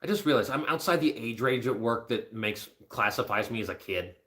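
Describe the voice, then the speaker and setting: Rambling, jokey man with a lively voice. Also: a little fast. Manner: rambling, jokey, jumps into a high baby-talk voice for his dog. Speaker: vlogger. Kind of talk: casual rambling chat. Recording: picked up through a building announcement speaker.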